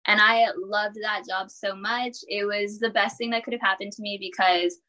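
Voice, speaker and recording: Bright-voiced upbeat young woman chatting. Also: mid-range voice, fairly even intonation, normal speed, poor audio. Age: 20s. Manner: upbeat, chatty, laughs often, many fillers like "like" and "um". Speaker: podcast guest, college student and personal trainer. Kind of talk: casual interview chat.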